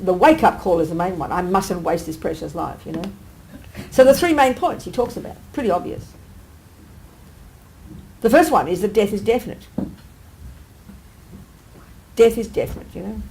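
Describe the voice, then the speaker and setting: A nun giving a dharma teaching in a blunt, emphatic, colloquial way, full of rhetorical questions. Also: female voice, medium pitch, mellow, a little hiss or hum, rough recording. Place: meditation centre teaching hall.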